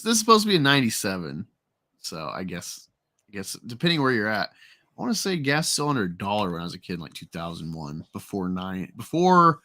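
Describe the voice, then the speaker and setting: Animated man reading comics aloud. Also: lowish voice, dry recording, clean studio sound. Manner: animated, laughing, reads all voices. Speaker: host. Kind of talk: comic book reaction reading.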